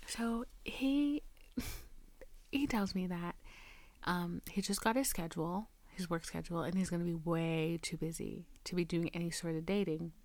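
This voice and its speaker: A woman's voice: lowish voice, unhurried, darkish tone. A young woman hosting a podcast, telling a dating story in a chatty, profane way, sometimes dropping to a near whisper. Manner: chatty, profane, addresses listener as girl; drops to a near whisper for asides. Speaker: podcast host. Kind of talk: casual storytelling.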